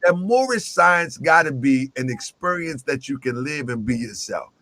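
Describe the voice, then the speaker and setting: A man telling a long, jokey story in lively chat, acting out the voices he quotes. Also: medium pitch, moderate pace, no echo.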